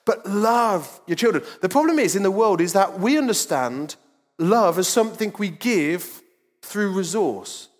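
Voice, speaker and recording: A man's voice: high voice, animated, unhurried, faint music behind. A man, preaching a sermon as lead pastor in a casual, joking, self-deprecating way. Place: church auditorium. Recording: large church hall with long reverb.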